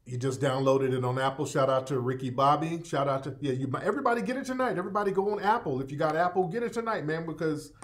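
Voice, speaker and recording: A man hosting a live broadcast in a loose, conversational way. He repeats his points and talks straight to his listeners, calling them family. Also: mid-range voice. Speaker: radio show host. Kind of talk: casual live broadcast talk.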